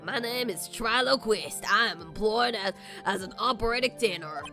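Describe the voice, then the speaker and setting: A woman's voice: a little high, expressive, normal speed, pushed and bright, soft background music. A woman voicing a rude male ventriloquist puppet in a put-on country accent, mocking and insulting. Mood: smug. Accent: attempted country accent.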